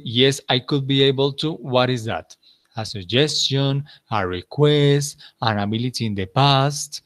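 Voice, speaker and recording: A man teaching an English class, patiently repeating answers and praising his students. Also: medium pitch.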